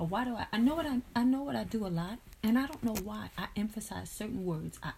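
A woman's voice: mid-range voice, expressive, fast, creaky, few pauses, darkish tone, slight background noise. A woman chatting casually, self-critical and rambling with frequent restarts. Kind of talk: casual chat.

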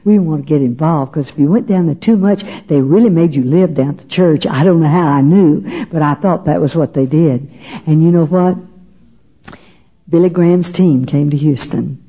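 A woman's voice: deep voice, normal speed, husky. An older woman telling her personal testimony to an audience in a folksy, storytelling way. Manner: folksy storyteller, often asks "you know what?". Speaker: speaker giving her testimony. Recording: dull lo-fi recording.

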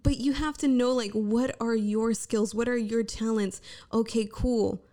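A woman's voice: on the high side, fairly even intonation, measured pace, warm tone. A woman in her thirties hosting her own podcast, talking casually and candidly, swearing freely and mocking herself. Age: 30s. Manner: chatty, swearing, self-mocking pep talk. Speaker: podcast host. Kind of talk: casual solo podcast chat. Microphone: podcast microphone.

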